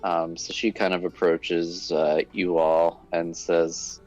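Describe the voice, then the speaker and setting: A very deep-voiced man runs a tabletop game, narrating in a halting way with many fillers and restarts. The sound is muffled and lo-fi, with faint music underneath. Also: level tone, darkish tone. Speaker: game master.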